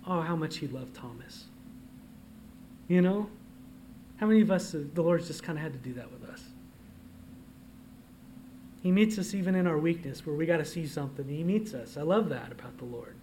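A man preaching a sermon as pastor. He moves from quiet asides to loud, emphatic declarations and reads scripture aloud. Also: a little high, expressive, moderate pace, pauses often, slight background noise.

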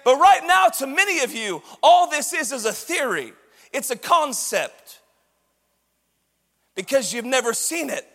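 A male pastor preaching a sermon with passion, shouting and letting his voice rise into a sing-song. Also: very high voice, very animated, measured pace, long pauses, long reverb tail.

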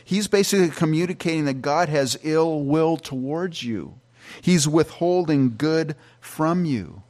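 A man's voice: a little high, animated, a little slow, darkish tone. A middle-aged man, a pastor, giving a conversational Bible-teaching sermon with frequent restarts and fillers.

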